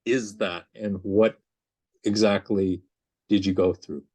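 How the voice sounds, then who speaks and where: A man's voice: fairly low pitch, steady tone, takes it slowly, dark tone. A man hosting an interview, asking questions and breaking in to ask for more. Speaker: host.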